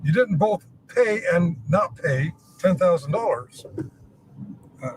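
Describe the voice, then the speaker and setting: A man's voice: high voice, animated, slow, a little hiss or hum, poor audio. A man ranting to the camera, arguing his point over and over with plenty of swearing. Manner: preachy, argumentative, swearing. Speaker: streamer.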